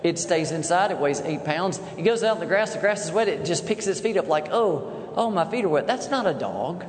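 A man in his fifties preaching a sermon as a pastor, a folksy, animated storyteller. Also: a little high, a little fast. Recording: echoey hall with faint ambience.

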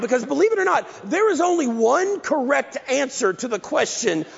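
Animated preacher with a gravelly voice. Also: male voice, extremely high pitch, normal speed. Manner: animated, self-mocking storytelling. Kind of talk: storytelling sermon. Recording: lo-fi, echoey hall.

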